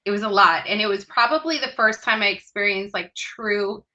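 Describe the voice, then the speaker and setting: A woman in her thirties, a podcast guest, telling her personal story in an earnest, heartfelt way with hesitant pauses. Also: medium pitch, pushed and bright, dull audio.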